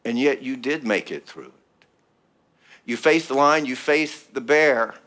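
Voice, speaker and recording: A man's voice: mid-range voice, measured pace, a bit bright. A middle-aged man preaching a sermon in an emphatic, rhythmic style built on repeated phrases. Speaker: pastor.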